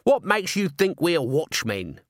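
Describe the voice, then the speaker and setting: A man's voice: on the high side, big pitch swings, measured pace, no echo, clean studio sound, voice pushed up. A man voicing a shifty, small-time city watchman who talks in a cheeky, nervous, wheedling way.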